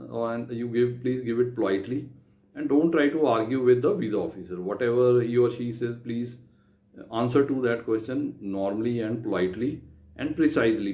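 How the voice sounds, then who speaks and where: A man's voice: fairly low pitch, warm tone, roomy sound. A man giving visa interview advice, talking with many fillers and restarts. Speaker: visa advice video host. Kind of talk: unscripted advice talk to camera.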